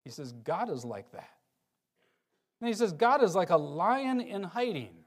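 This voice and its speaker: Man with a high voice preaching a sermon; reads scripture, dynamic between emphatic and hushed delivery. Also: a little slow. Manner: expressive, swings between loud emphasis and quiet low passages. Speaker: pastor.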